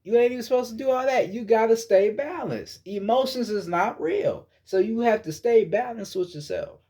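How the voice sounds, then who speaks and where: A man's voice: very high-pitched, moderate pace, dark tone. A man giving a casual spiritual monologue as a vlogger, lecturing bluntly with heavy profanity and frequent repetition.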